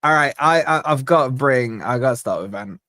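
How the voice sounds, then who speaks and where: An upbeat man hosting a live stream, chatting casually and reading out super chats with shout-outs. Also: mid-range voice, animated, a little fast, dry recording, clean studio sound.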